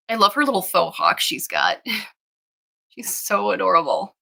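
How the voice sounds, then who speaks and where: A woman's voice: medium pitch, huge pitch swings, normal speed, gravelly, long pauses, sharp tone. A woman dog breeder narrating a casual vlog, cooing to puppies in sing-song baby talk.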